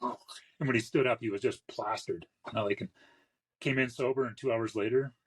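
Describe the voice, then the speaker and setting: A man's voice: mid-range voice, fairly even intonation, husky, low-quality recording. A man from western Canada, a tattooer, telling rambling shop stories in a casual podcast chat. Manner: rambling, quick anecdotes with acted-out quotes. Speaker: tattooer guest. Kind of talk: casual storytelling.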